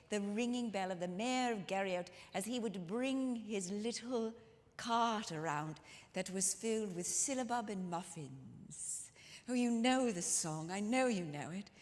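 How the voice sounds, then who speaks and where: A woman storyteller telling a life story in the first person, in character, with a dramatic, intimate manner that speaks straight to the audience, performed live in a church hall. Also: mid-range voice. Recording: long hall reverb from a live room.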